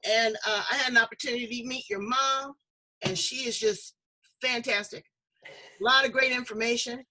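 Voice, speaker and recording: A woman's voice: on the high side, fairly even intonation, moderate pace, sharp tone. A woman hosting a talk show, playful and exuberant in casual chat. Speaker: host.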